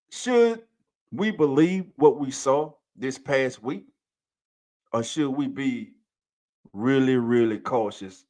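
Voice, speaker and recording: A man hosts a sports podcast live stream in a loose, excitable way. He greets viewers one by one and calls them family. His voice sits at an ordinary middle pitch. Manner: hypes up and greets chat viewers by name; loose, energetic, calls listeners family and baby. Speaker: podcast host.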